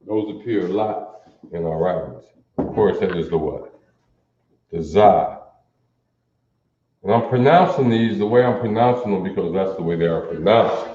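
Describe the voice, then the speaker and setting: A man teaching an alphabet in a lesson, slow and deliberate, often quizzing his listeners with questions. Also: sits low, warm tone, slight background noise. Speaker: language teacher. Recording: roomy, dull lo-fi sound.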